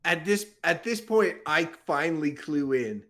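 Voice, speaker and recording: A tabletop player describing his moves in a halting, lively voice that rises and falls a lot. He trips over words as he explains what he does. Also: medium pitch. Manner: halting, laughing often. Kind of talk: describing his character's actions.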